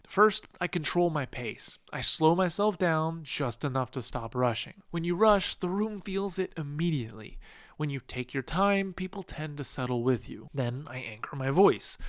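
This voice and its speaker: A man coaching managers in a calm, measured, instructive monologue. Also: on the high side, dry recording, clean studio sound. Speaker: leadership coach.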